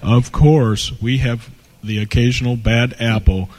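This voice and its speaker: A man's voice: mid-range voice, steady tone, unhurried, a little mellow. A man delivering a mock infomercial in an earnest salesman manner, packed with double entendres. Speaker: comedy sketch performer. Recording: noisy studio recording.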